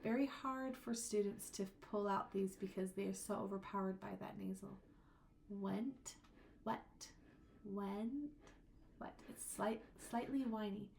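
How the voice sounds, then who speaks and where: A woman's voice: mid-range voice, fairly even intonation, normal speed, creaky, few pauses, a little mellow, a little hiss or hum. A woman teaching a recorded phonics lesson, explaining vowel sounds and stretching out example words to demonstrate them.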